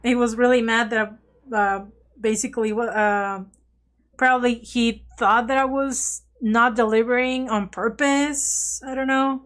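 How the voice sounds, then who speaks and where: A woman vlogger casually telling an animated story and laughing often. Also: fairly high pitch, measured pace, faint music behind.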